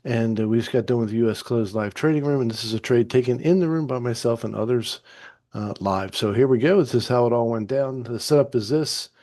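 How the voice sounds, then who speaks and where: A man calmly narrating a trade replay as a trading teacher, easygoing and explanatory with some fillers and restarts. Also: medium pitch, a little fast. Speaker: trading educator. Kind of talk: narrated chart walkthrough.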